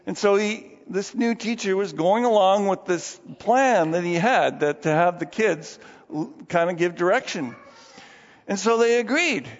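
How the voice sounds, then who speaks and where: A man with a high voice delivers a sermon as an animated, folksy story. His words ring with long hall reverb. The recording sounds dull and muffled. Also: a little slow. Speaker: preacher.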